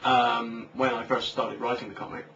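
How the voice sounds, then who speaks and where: A man's voice: medium pitch, flat delivery, moderate pace, a bit bright. A young man chatting casually as a co-host, rambling and joking with lots of fillers. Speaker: co-host, comic creator. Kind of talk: casual chat. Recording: distant lo-fi mic with faint hiss.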